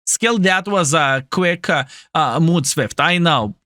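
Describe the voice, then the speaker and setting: Young streamer, bright tone, lively playful gameplay commentary. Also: male voice, a little high, takes it slowly, dry recording. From Lithuania. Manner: playful, jokey, addresses viewers as fellas. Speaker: gaming streamer.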